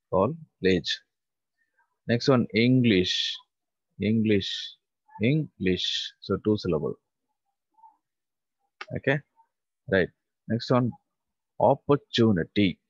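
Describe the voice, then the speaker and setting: Male teacher, low voice, very slow and repetitive, drilling words, dull dry lo-fi recording. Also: animated, slightly rough, no room sound. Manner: slow, repeats each word several times and spells letters aloud. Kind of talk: classroom vocabulary lesson.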